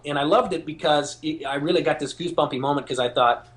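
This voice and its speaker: A man being interviewed as a guest, telling stories in an animated way and acting out the voices of people he quotes. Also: on the high side, fast talker, hardly any pauses. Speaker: guest, game show host. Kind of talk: phone interview, storytelling.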